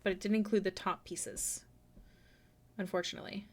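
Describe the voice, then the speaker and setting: A young woman chatting casually with her viewers on a live art stream, self-deprecating and prone to sudden excited exclamations. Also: mid-range voice, normal speed. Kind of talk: casual live-stream chat while drawing. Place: home room.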